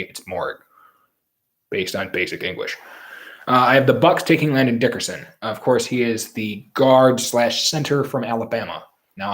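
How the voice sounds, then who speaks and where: A man talking through draft picks on his own in a rambling, opinionated way. His voice sits at an everyday middle pitch. He leans hard on his points and restarts sentences as he goes. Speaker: sports commentator. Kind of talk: solo football draft commentary.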